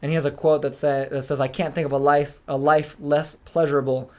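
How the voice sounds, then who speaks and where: Fast-talking young man telling a story. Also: a little high. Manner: fast, animated, swears freely, acts out quotes. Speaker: podcast host. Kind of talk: casual storytelling chat.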